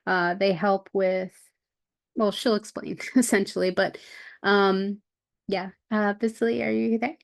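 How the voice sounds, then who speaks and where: Slow, flat-voiced woman hosting a workshop. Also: mid-range voice, creaky. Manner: relaxed, hesitant, frequent ums. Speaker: workshop host. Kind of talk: casual workshop introduction. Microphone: video call.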